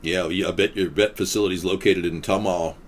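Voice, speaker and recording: A man's voice: sits low, fairly even intonation, quick pace. A man hosting a casual political chat show, rambling and sarcastic. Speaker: host.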